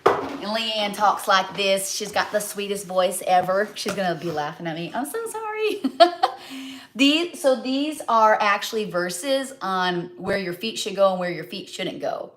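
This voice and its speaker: A woman's voice: medium pitch, a little slow, fairly bright tone. A middle-aged woman rambling in a chatty way as she hosts a live cooking stream. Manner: chatty and rambling, many fillers and asides. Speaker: cookbook author hosting a live cooking stream. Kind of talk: casual live cooking chat.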